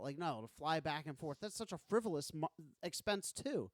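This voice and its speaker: A man co-hosts a podcast in loose, joking chat, acting out quoted lines with a high voice that swings widely. The sound is close and dry. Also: very animated, a little fast, hardly any pauses, fairly bright tone, no echo. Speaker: podcast co-host. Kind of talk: casual chat.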